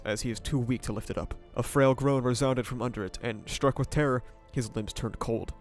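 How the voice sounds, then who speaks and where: A man reads a scripted story summary at a steady, even pace, mixing retelling with short comments. His voice sits in a middle pitch, and quiet music plays under it. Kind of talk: scripted narration.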